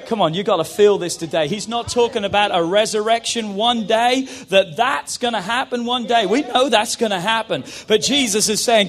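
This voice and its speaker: A man pastor preaching a sermon, building from quiet teaching to shouted fervor. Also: high voice, moderate pace, hardly any pauses.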